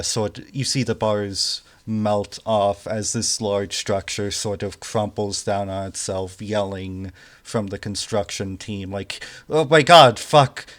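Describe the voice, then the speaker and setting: A man narrates a tabletop role-playing game as its game master. His voice sits a little low, and he talks slowly, pausing often with fillers as he describes scenes and calls for rolls. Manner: slow, hesitant narration with fillers.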